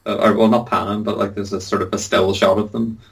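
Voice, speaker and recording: A man's voice: on the low side, level tone, fairly quick, gravelly, husky. A man in a casual film podcast chat, speaking hesitantly and full of fillers. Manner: hesitant, many fillers like 'like' and 'uh'. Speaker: podcast co-host.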